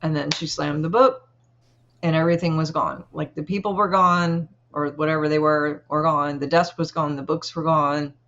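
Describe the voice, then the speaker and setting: A woman guest telling a personal story in an interview, earnest and halting, with many pauses. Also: deep voice, fairly even intonation, fairly bright tone, dull audio, a little hiss or hum.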